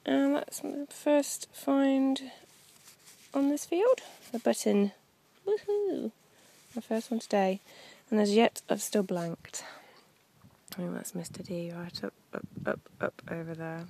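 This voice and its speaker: A woman chatting excitably while metal detecting outdoors in a farm field, often dropping her voice to a hushed whisper. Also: medium pitch, a little slow, creaky. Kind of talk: casual outdoor commentary.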